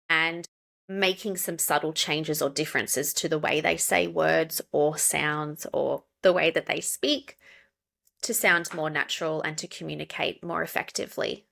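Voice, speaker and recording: Australian woman, bright and clear. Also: low voice, fairly even intonation, measured pace. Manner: explains with spelled-out examples and laughs. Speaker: pronunciation coach guest. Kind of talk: casual interview chat.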